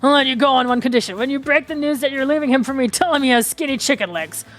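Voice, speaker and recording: A woman's voice: sits high, fast, close to an everyday voice. A woman voicing a vain, boastful, brawny male trapper in a dating game.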